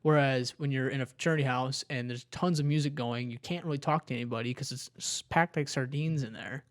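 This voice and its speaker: A man's voice: medium pitch, steady tone, a little fast. A young man co-hosting a podcast in casual chat, probing with follow-up questions. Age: young adult. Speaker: podcast co-host.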